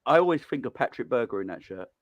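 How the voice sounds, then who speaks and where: A man hosting a football call-in live stream, excitable and slangy, laughing often between lines. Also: mid-range voice, quick pace, no echo. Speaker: host of a football call-in show. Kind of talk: casual live-stream chat.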